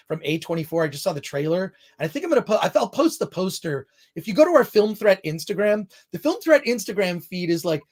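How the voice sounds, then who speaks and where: A man hosting a film review show in casual chat, rambling off on tangents and restarting his sentences often. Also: high voice.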